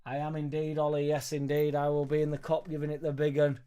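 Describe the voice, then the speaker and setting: A young man hosting a live football reaction stream, reading viewer messages in an excitable, sweary, joking way. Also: a little high, fast talker, clean tone, dull audio. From Leeds, England. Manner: excitable, sweary, banter-filled. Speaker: football fan channel host.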